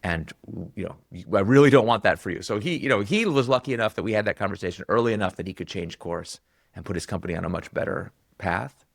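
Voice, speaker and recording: A man, a guest author, telling a story in conversation and acting out the quoted dialogue with lively jumps in pitch. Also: fast, vocal fry, no room sound, clean studio sound.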